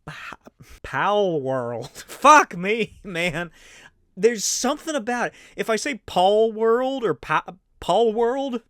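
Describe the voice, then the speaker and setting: A man's voice: high voice, pushed and bright, dry recording, studio quality. A man in his thirties chatting casually and rambling as host of a solo show, swearing and laughing often. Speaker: podcast host.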